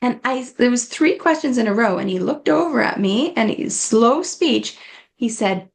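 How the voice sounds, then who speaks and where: A woman's voice: a little high, lively intonation, normal speed, creaky. A woman giving an informal, earnest talk on dementia care, often acting out quoted dialogue.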